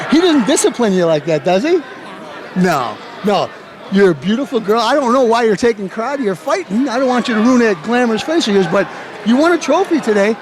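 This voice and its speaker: A man's voice: high-pitched, fairly quick, a crowd in the background, noisy background. A man hosting his show, hyping the event and interviewing people in a playful, hammy showman manner. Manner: animated, playful hype-man delivery. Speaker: show host.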